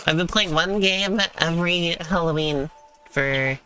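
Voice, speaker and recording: A woman's voice: on the low side, a little slow, bright, forceful tone. A woman chatting casually while streaming a video game, full of fillers and laughs. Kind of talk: casual chat while gaming. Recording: live stream with game music behind.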